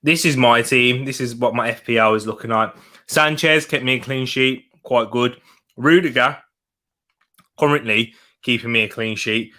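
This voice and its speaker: A man's voice: mid-range voice, moderate pace, bright, forceful tone. A young man hosting a casual football watch-along, chatting to viewers while eating and laughing often. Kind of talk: casual live-stream chat reading comments.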